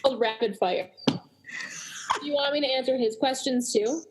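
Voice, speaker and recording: Deadpan joking woman guest, slightly high. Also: moderate pace. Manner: deadpan, jokey. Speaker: podcast guest. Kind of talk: casual interview chat.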